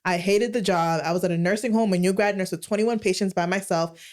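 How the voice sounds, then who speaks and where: Woman, late 20s, podcast co-host; candid, animated storytelling with wide swings in tone. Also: fast. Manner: expressive storytelling with big jumps in pitch. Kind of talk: candid casual chat.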